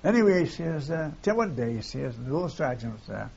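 Gravelly old man. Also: mid-range voice, sing-song, normal speed, a little mellow. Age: older. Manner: rambling, repeats phrases, tags lines with "see". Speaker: war veteran interviewee. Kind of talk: oral history reminiscence. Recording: dull lo-fi tape with faint hiss.

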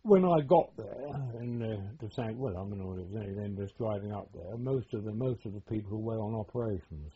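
A man's voice: on the low side, animated, a little hiss or hum. An older man, telling war stories in a hesitant, rambling way during an oral history interview. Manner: hesitant, rambling storytelling with many pauses. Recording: dull lo-fi recording.

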